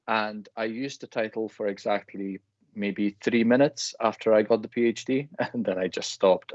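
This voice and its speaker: A man, a university lecturer, talking in a friendly, relaxed, self-deprecating way as a guest in a live discussion. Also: lowish voice, a little fast, no room sound, highs cut off.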